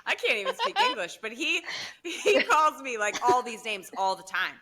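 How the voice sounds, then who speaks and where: An American woman co-hosting a podcast, telling stories in animated casual chat with frequent laughter. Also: on the high side, moderate pace. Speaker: podcast co-host.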